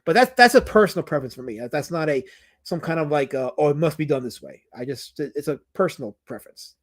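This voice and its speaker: A man's voice: on the high side, animated, quick pace. Rambling male livestream host. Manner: rambling, many restarts and fillers. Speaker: livestream host reading chat. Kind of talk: casual livestream talk.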